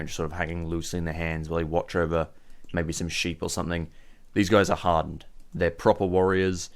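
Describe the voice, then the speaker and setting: A man with an Australian accent narrating as game master of a tabletop game, loose and chatty, often laughing. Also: deep voice.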